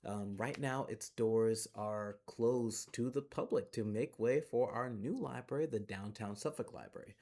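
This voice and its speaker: A man reads a bedtime picture book to children, using a gentle, playful storytelling style at a measured pace with few pauses. His pitch is medium. The recording was made on a phone inside a closed library.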